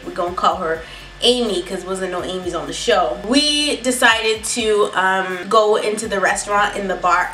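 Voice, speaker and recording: A woman's voice: medium pitch, sharp tone, a little hiss or hum. Sassy, profane woman telling a story. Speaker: beauty vlogger telling a story. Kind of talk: casual storytime chat. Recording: echoey room, mic at a distance.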